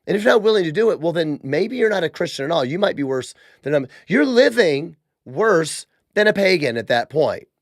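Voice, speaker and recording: A man hosting a podcast, giving casual religious commentary in an animated, sarcastic, conversational way. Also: on the high side, fairly quick, hardly any pauses, dry recording, clean studio sound. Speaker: podcast host.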